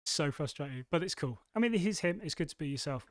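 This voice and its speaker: Rambling, lively English podcast host. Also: male voice, fairly high pitch, quick pace, no echo. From England. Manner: rambling, animated storytelling. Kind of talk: casual chat. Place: studio.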